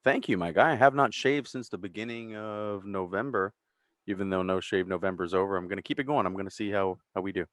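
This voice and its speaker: A man chatting casually with friends, easygoing and relaxed. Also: low voice, fast talker, no echo, clean studio sound. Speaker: co-host. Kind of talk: casual chat among friends.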